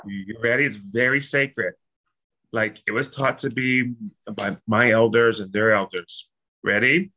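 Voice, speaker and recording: A man hosting a casual spiritual chat, animated and jokey, blunt and swearing freely. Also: lowish voice, a little slow, low-quality recording.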